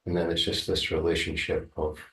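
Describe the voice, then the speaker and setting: Male group participant, very low monotone with vocal fry, halting delivery, distant roomy pickup. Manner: hesitant, halting, searches for words. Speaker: student sharing in a group. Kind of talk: hesitant personal sharing. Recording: distant, echoey room mic.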